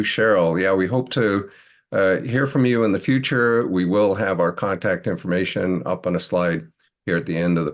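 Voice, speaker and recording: A man hosting a webinar, introducing the next speaker with many hesitant fillers. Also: sits low. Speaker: webinar host.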